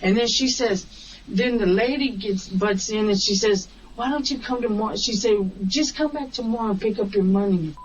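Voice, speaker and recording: A woman's voice: a little high, normal speed. A woman taxi driver recounting an incident in an interview, acting out the dialogue as she goes. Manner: animated storyteller acting out quoted dialogue. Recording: distant, muffled recording with faint hiss.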